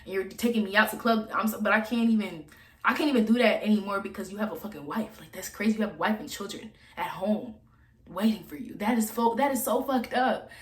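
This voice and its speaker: A woman's voice: mid-range voice, fast talker. Blunt, chatty young woman in echoey room. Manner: blunt, profane, chatty storytelling. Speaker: vlogger. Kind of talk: casual storytime monologue.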